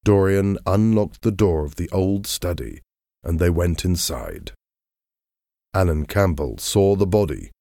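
A man narrating a simplified classic novel in a slow, clear, measured reading. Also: sits low, lively intonation, dark tone, no room sound, studio quality. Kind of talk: audiobook narration of a graded reader.

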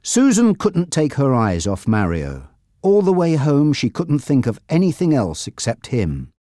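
A narrator reading a simple storybook in a clear, measured way. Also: medium pitch, huge pitch swings, mellow, no echo, studio quality. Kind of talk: graded-reader audiobook narration.

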